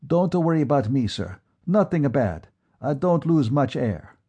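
A loyal wounded young marine brushes off his injury respectfully, voiced by a man reading a storybook. The tone is mellow and husky. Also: mid-range voice, sing-song, a little slow, muffled recording, pitched above the performer's own voice, heavily acted. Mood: stoic. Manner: stoic, respectful.

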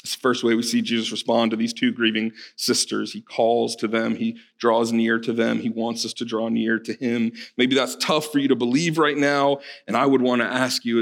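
A man preaching a sermon to a congregation in a church hall, swinging from hushed pleading to loud, fervent urging. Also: mid-range voice. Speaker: pastor.

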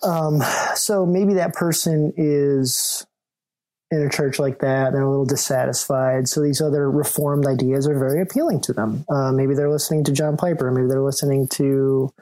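Man, podcast guest, rambling, loose casual talk, jokey, mid pitch. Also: fairly even intonation, normal speed, dark tone. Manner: self-mocking, jokey asides. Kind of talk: casual chat.

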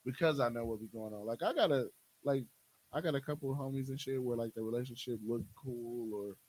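A man's voice: mid-range voice, a little fast, darkish tone, low-quality recording. Laid-back young man, AAVE. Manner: laid-back, frank, filler-heavy. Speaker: podcast co-host. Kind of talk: casual chat.

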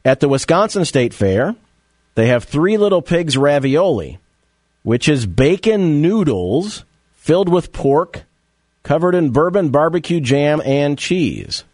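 A man's voice: a little high, big pitch swings, unhurried, darkish tone, dry recording. A man hosting a casual radio talk show, joking and quizzing his co-host.

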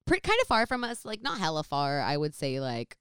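Young woman, smooth lowish voice, rambling storyteller, dry close sound. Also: a little fast, dry recording. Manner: rambling, filler-heavy, animated retelling. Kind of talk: casual storytelling.

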